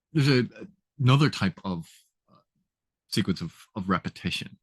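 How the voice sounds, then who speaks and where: Man with a low voice giving a casual lesson, chatty, lots of restarts. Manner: chatty, laughs at own examples, restarts often. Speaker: literature educator.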